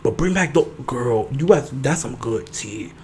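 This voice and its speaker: A man's voice: medium pitch, measured pace, slightly rough. Sassy, campy young male podcaster. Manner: sassy, profane, campy and animated. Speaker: podcast host. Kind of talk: casual solo podcast chat.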